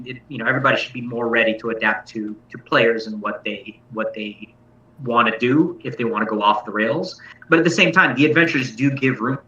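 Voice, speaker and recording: A man's voice: medium pitch, pushed and bright, slight background noise. A man who runs tabletop games, giving a casual, thoughtful talk and explaining his methods at a convention. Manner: thoughtful, explanatory, self-correcting. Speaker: game master giving a talk. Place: convention room. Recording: echoey, distant, dull sound.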